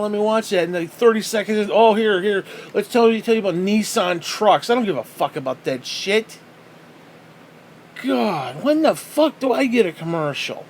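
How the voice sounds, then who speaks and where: A man's voice: high-pitched, slight background noise. A man hosting a podcast, ranting angrily and bitterly with lots of swearing. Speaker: podcast host. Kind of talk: angry profane rant.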